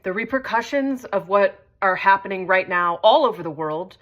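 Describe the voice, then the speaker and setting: A woman's voice: mid-range voice, normal speed, lo-fi sound. A woman hosting her own vlog, telling a story in a conversational way and swearing freely. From United States. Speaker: host. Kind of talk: casual vlog monologue.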